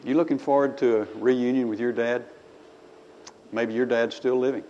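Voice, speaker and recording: A man's voice: mid-range voice, fairly even intonation, moderate pace, warm tone, a little hiss or hum. A man preaching a sermon in a church. He talks in a folksy way and reads scripture aloud with rising emphasis. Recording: slightly dull recording with faint ambience.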